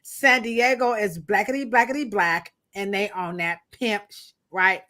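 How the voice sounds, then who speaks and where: A woman co-hosting a live stream with a bright, forward voice. She talks loosely and playfully to her viewers. Her speech is full of slang and laughter. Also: mid-range voice, a little slow. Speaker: co-host. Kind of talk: casual live-stream chat.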